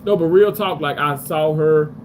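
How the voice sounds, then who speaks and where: A man's voice: a little high, moderate pace, a little mellow, a little hiss or hum. A man on a live stream from a hotel room, talking loosely with his viewers and reading their comments aloud, full of fillers. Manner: loose, rambling, many fillers.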